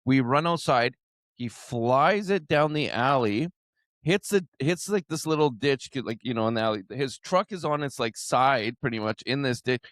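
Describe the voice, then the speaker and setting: Man, podcast host, casual, animated storyteller, keeps saying "man", dry close sound. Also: medium pitch, moderate pace, no echo.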